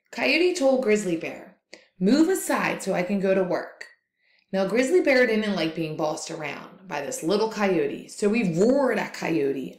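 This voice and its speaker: A woman teacher telling a folktale aloud for a lesson, in an expressive, lively read-aloud style. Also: medium pitch, echoey room. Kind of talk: storytelling for a lesson.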